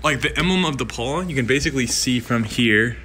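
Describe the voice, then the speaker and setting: Rambling young guy, bright voice. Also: mid-range voice, lively intonation, fairly quick, a little hiss or hum. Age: young adult. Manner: rambling, filler-heavy, wanders off topic. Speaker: college student vlogger. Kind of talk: casual room-tour vlog. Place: dorm room. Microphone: handheld camera.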